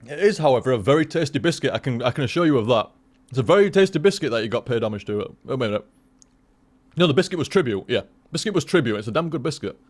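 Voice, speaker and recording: A man's voice: mid-range voice, expressive, fast talker. A young man chatting casually to his stream viewers, rambling and swearing with lots of restarts.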